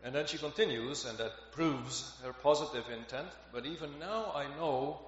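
A man of medium pitch preaches a sermon at normal speed, earnest and growing emphatic on key phrases. The recording is dull and lo-fi, with faint noise and the echo of a hall.

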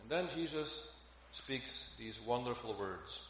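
A man's voice: mid-range voice, expressive, slow pace, fairly bright tone. A man preaching a sermon, earnest and growing emphatic on key phrases. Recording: echoey hall, dull lo-fi, faint noise.

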